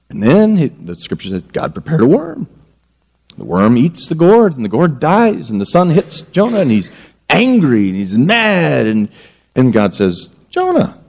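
A middle-aged male pastor preaching a sermon, telling stories in an animated way and acting out the voices. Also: creaky. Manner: animated storytelling, acting out voices with wide pitch swings.

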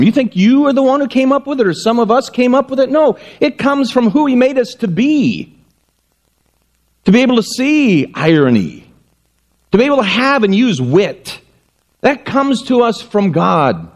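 A man's voice: very high voice, moderate pace. A male pastor preaching a sermon, telling stories and joking at his own expense before a congregation. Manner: animated storytelling with self-mocking jokes.

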